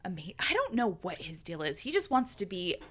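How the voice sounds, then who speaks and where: A woman's voice: fairly low pitch, big pitch swings, a little fast. A woman hosting a book podcast, chatting bluntly with exasperated asides and reading excerpts aloud. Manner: blunt, exasperated, laughs often. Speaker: podcast host.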